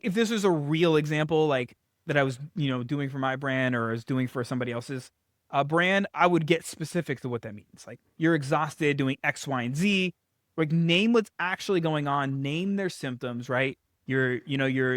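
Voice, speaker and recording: A man talking on camera about marketing in a loose, off-the-cuff way, full of "like" and self-corrections. His voice sits a little high for a man. The sound is dry and close, with no room echo. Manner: conversational, frequent fillers and restarts. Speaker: business coach. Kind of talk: casual talking-head advice video.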